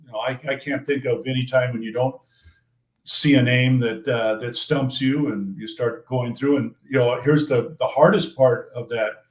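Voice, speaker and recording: An older man, a sports play-by-play broadcaster, answering questions in a measured, thoughtful way, often restarting his phrases. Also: medium pitch, steady tone. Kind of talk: casual interview answers. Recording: roomy echo.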